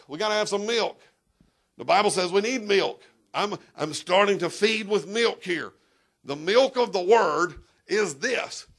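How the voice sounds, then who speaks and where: A pastor preaching to his church, his voice high and gravelly. He is emphatic, swings into sudden shouts, and talks straight to the people in the pews. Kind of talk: sermon.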